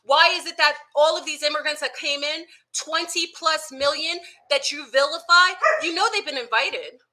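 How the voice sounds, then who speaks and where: A woman with a high-pitched, sharp voice speaks at a moderate pace, addressing her viewers directly from home with dogs nearby. The online commentator's monologue is unscripted, full of rhetorical questions, and she calls her audience y'all.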